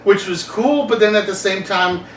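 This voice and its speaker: A man hosting a casual podcast chat, rambling and animated, laughing often and acting out quotes. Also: high-pitched, normal speed, a little hiss or hum. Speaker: podcast host. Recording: roomy, distant mic with faint ambience.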